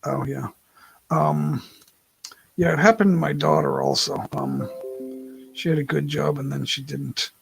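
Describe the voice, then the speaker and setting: A man's voice: on the high side, steady tone, unhurried, vocal fry, pauses often, over music, rough recording. A man hosting a casual livestream from home on his laptop. He rambles, corrects himself mid-sentence and laughs often. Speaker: livestream host. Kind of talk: casual live-stream chat. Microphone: laptop mic.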